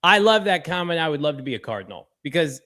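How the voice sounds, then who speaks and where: A man co-hosting a sports talk show, joking and animated, with sudden jumps in pitch. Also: fast.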